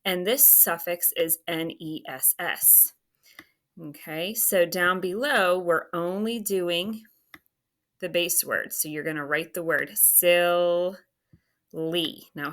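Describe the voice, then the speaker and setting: A female teacher with a lowish, fairly bright voice works through a phonics worksheet, patiently spelling words out letter by letter. She talks to herself as she writes on a screen.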